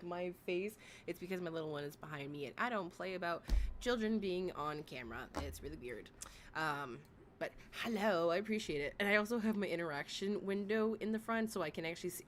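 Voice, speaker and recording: A woman's voice: fairly low pitch, slight background noise. A woman of thirty hosting a casual livestream, reacting bluntly and sassily and swearing freely as she talks to her chat. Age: 30s. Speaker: livestream host reacting to another streamer.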